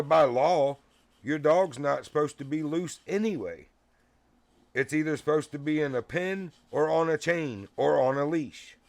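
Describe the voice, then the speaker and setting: A man's voice: medium pitch, vocal fry. A man telling a rambling, profane story in casual chat, laughing often and getting heated as he retells it. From Virginia. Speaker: streamer.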